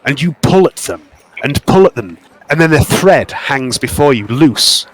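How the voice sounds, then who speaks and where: A man narrating a tabletop game as game master in a slow, dramatic, descriptive way. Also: medium pitch, expressive, poor audio.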